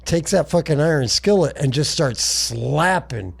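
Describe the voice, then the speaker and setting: A man's voice: fairly high pitch, expressive, a little slow, creaky, breathy edge. A man co-hosting a podcast, telling a long profane comic story in casual chat and voicing the characters in passing. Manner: rambling, profane storytelling with voiced asides. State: been drinking. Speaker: podcast co-host.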